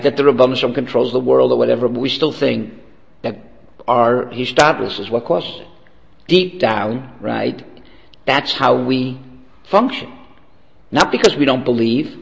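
A man's voice: medium pitch, creaky, in a large hall, low-quality recording. A man giving a Torah lesson in a conversational way, asking rhetorical questions and telling a joke along the way. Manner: conversational, asks rhetorical "okay?". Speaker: Torah teacher. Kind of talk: lecture with story and jokes.

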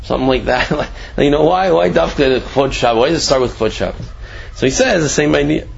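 A man's voice: a little high, brisk, creaky, slightly rough, highs cut off. A man teaching a Torah class in a conversational way, telling a story and acting out its characters. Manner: conversational, acts out voices in the story with laughs.

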